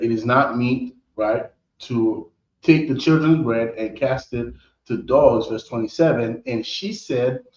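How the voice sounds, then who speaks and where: Male teacher, measured emphatic scripture lesson, echoey lo-fi room recording. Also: mid-range voice, darkish tone. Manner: emphatic, checks in with "right?" often. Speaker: teacher of a scripture history class. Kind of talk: preaching-style scripture lesson. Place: meeting hall. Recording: roomy, dull lo-fi recording.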